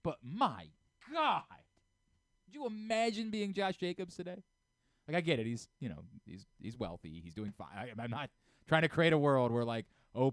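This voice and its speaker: Male sports radio host, middle-aged, opinionated rant, lively swooping pitch, dry close studio sound. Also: no room sound. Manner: animated, ranting, rapid swings from muttering to shouting.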